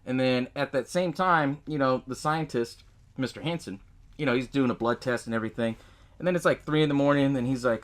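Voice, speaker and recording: A man's voice: medium pitch, expressive, fairly quick. A man hosting a podcast, recapping a movie in a loose, profane way and laughing often as he tells it. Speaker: podcast host.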